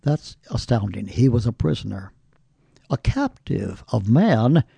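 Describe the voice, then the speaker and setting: A gravelly-voiced older man preaches a sermon at an unhurried pace. His tone is dark and mellow, and his delivery is emphatic, with exclamations that lift high. The sound is dry and close. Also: expressive, no room sound.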